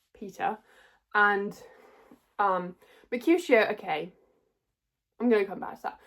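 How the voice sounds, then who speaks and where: A young woman giving a casual, rambling spoken review, often correcting herself and trailing off. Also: mid-range voice. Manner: rambling, self-correcting, chatty. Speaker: theatre reviewer.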